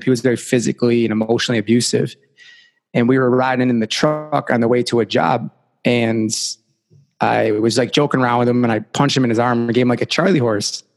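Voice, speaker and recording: A man's voice: medium pitch, creaky, in a large hall. A young adult man, a podcast guest, telling a personal life story earnestly and often saying "like" and "you know".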